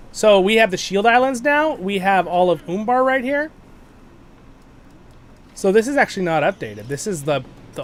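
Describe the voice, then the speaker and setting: A livestream host with a fairly high voice casually walks his viewers through a video game, chatting, rambling and correcting himself along the way. There's slight background noise.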